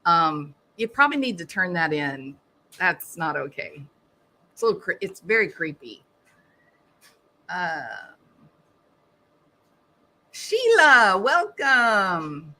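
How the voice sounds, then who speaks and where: Casting: middle-aged woman, bright voice, wry and chatty live-stream host. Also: on the low side, lively intonation, unhurried, long pauses. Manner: wry, chatty, laughs at her own jokes. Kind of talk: casual live-stream chat reading comments.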